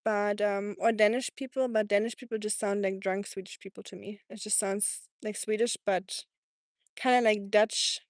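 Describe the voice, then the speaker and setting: A woman's voice: mid-range voice, fairly even intonation, normal speed, no room sound, studio quality. A woman with a German accent, hosting a casual live stream and chatting with viewers as she answers their comments, laughing often. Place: home in Tennessee.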